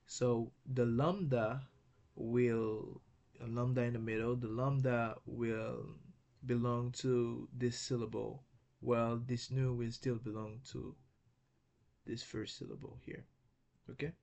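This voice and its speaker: A man gives a recorded lesson, talking slowly and patiently at a middle pitch. He spells words out sound by sound and keeps checking in with his listeners. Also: level tone, creaky, a little mellow, lo-fi sound. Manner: slow and patient, repeats words and checks with "okay?". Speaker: Greek teacher.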